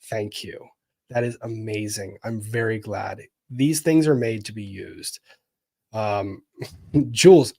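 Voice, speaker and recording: A man with a mid-range voice hosts a live legal reaction stream. He reads viewer messages aloud and answers them with quick, wry humor. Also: medium pitch. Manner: wry, animated, jokey asides. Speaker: lawyer streamer reading chat.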